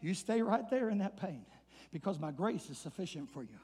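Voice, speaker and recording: An older man preaching a sermon, swinging from loud shouted declarations down to hushed, quiet passages. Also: sits high, very animated, fairly quick, husky, in a large hall. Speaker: pastor.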